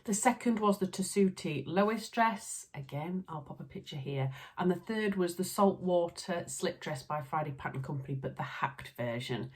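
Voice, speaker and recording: A woman's voice: fairly low pitch, animated, moderate pace, hardly any pauses. A woman with a Yorkshire accent, chatting casually to camera as a sewing vlogger, with frequent laughs and filler ums. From Yorkshire, England.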